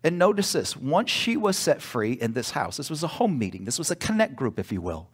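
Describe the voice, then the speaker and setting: A male pastor preaching a sermon in church, emphatic, pausing for call-and-response asides. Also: fairly high pitch, very animated, husky.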